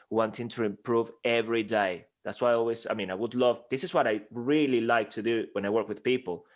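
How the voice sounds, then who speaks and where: A man with a Spanish accent, a speaking coach talking energetically and emphatically as an interview guest. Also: mid-range voice. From Spain. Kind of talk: interview conversation.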